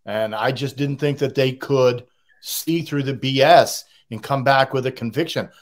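A man's voice: mid-range voice, unhurried. A middle-aged man with a Boston accent, a podcast guest giving blunt, cynical opinions in casual talk. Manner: blunt, cynical, plain-spoken.

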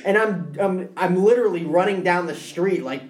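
A man's voice: sits high, normal speed, echoey room. A young man co-hosting a podcast, telling a story in casual chat. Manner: storytelling, animated impressions. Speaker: podcast co-host.

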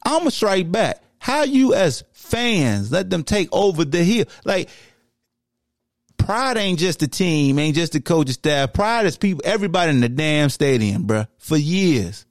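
Animated man ranting on a podcast. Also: fairly high pitch, unhurried, dry recording, clean studio sound. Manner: animated, slangy, heated ranting. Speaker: podcast host. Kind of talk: podcast sports rant.

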